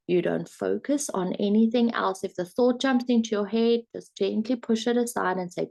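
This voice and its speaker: A woman's voice: mid-range voice, normal speed, creaky, a little mellow. A woman life coach teaching in a webinar, talking conversationally and guiding breathing exercises with spoken counts.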